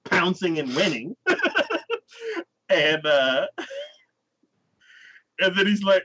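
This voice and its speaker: A man's voice: a little high, slow pace, pauses often, sharp tone. A man hosting a podcast, casually recapping an anime episode and acting out its characters in exaggerated voices. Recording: dull lo-fi podcast audio.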